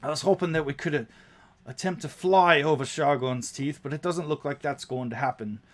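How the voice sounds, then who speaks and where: A man's voice: fairly high pitch, brisk, lightly acted. A man voicing a grumpy, sweaty male gnome ship captain who blusters in exasperation. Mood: exasperated.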